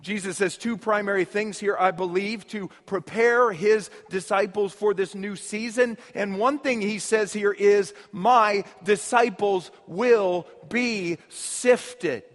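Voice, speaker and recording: Man, pastor, sermon, high-pitched voice, emphatic, long hall reverb. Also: steady tone, unhurried, few pauses. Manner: earnest, explanatory, emphatic repetition. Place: church.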